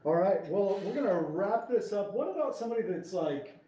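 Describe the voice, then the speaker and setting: Male host with a higher, mellow voice, recorded from a distance in a roomy space. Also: sing-song, brisk. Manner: brief, affirming interjections. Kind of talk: casual panel conversation. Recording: roomy room, mic at a distance.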